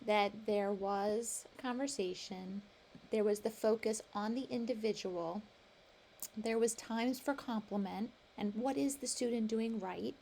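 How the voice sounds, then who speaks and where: A woman giving a measured, explanatory voice-over narration for a teacher training video. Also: mid-range voice, a little mellow, slight background noise.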